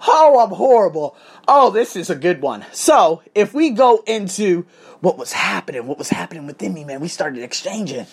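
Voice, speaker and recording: Gravelly, husky man telling a story. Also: sits high, moderate pace. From Las Vegas, USA. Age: 30s. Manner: animated, profane, laughs often. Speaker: storyteller talking to viewers. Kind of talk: casual storytelling monologue.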